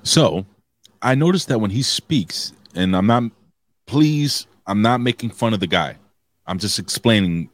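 A man's voice: on the low side, expressive, unhurried, no echo, studio quality. A man co-hosting a wrestling review podcast, talking casually and animatedly, swearing freely and restarting his sentences. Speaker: podcast co-host.

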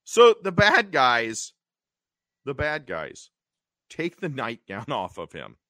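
Animated, bright-voiced male podcast host. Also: medium pitch, slow, no room sound, studio quality. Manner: animated recapping with acted quotes. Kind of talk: casual chat.

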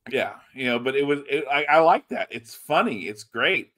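A man's voice: mid-range voice, animated, normal speed, bright, forceful tone. A man hosting a podcast, casually recapping a show in a rambling, laid-back way with lots of fillers and swearing. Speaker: podcast host reviewing a wrestling show.

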